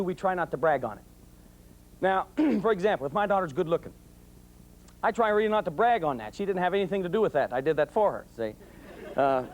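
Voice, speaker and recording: A middle-aged man, a police sergeant, giving a motivational talk to parents, with an emphatic, repetitive, preacher-like cadence and folksy storytelling. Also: high-pitched. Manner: folksy storytelling, bursts of yelling when acting out anecdotes.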